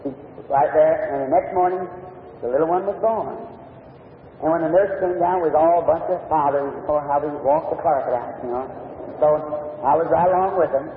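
A man's voice: on the high side, a little fast, slight background noise. A man preaching a sermon to a meeting, telling a personal story in a folksy, plain-spoken way. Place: large meeting hall with an audience. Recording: old lo-fi tape from far off in an echoey hall.

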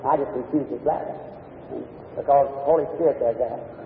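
A man's voice: medium pitch, brisk, a little hiss or hum. A man preaching a sermon to a meeting, telling a personal story in a folksy, plain-spoken way. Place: large meeting hall with an audience. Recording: old lo-fi tape from far off in an echoey hall.

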